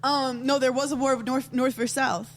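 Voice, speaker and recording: A woman's voice: high voice, steady tone, brisk. Brash woman with a New York accent. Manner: brash, teasing, crude. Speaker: podcast guest. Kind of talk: casual podcast banter.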